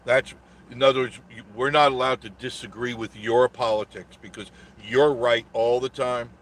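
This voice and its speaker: A man's voice: mid-range voice, fairly even intonation, normal speed, a bit bright, slight background noise. A man hosting a casual live stream, telling a rambling story with a sarcastic edge and greeting viewers in the chat.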